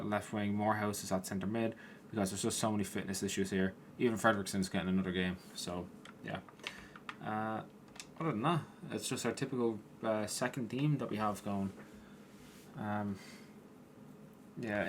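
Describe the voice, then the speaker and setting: A man's voice: lowish voice, moderate pace, a little hiss or hum. A man casually commentating over his own football video game, chatty and swearing, tired and yawning at times. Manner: chatty, swears at players, rises in excitement. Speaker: gaming YouTuber.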